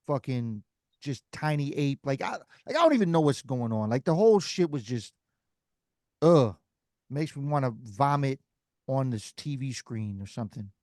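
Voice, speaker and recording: A man hosting a casual podcast, ranting in an animated way and swearing freely. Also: mid-range voice, no echo, studio quality. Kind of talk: casual chat.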